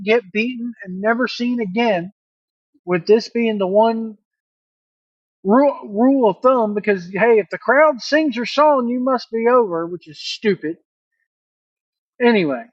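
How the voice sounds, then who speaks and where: A man recapping a wrestling show in a casual solo review, blunt and opinionated, with animated play-by-play. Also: high-pitched, no echo, muffled recording.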